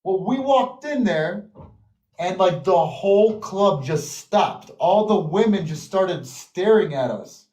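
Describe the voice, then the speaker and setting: A man's voice: sits high, takes it slowly, far from the mic. A man from the United States, a podcast guest, telling stories casually and acting out what other people said. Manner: animated, acts out other people's lines in quotes. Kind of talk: casual storytelling. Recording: echoey room.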